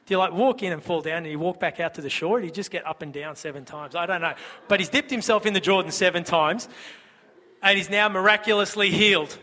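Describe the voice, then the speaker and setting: A male pastor preaching in a relaxed, conversational way and asking rhetorical questions. His voice is high and bright. It carries a long church-hall reverb. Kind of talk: sermon.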